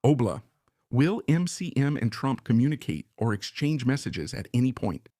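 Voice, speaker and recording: A man's voice: medium pitch, sing-song, moderate pace, warm tone, no room sound, clean studio sound. A man giving opinionated current-affairs commentary, repeating his points with emphasis and pressing rhetorical questions. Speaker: political commentator.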